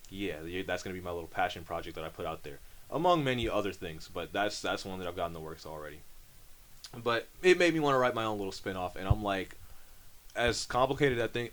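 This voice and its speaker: A young man with a fairly low voice talks casually on a podcast, rambling from one tangent to the next. He fills the gaps with ums and likes and livens up his stories as he goes. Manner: rambling, animated storyteller, many fillers. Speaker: podcast co-host. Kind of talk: casual chat.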